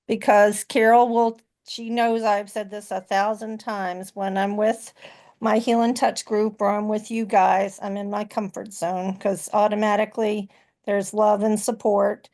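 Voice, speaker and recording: A woman taking part in a group video call, sharing in a warm, halting way. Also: medium pitch, flat delivery. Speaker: group participant.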